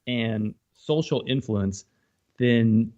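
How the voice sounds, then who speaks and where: Male co-host, lively and quippy, mid-range voice, slightly muffled recording. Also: medium pitch, extremely slow. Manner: animated, jumps in with quips. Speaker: podcast co-host. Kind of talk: casual chat.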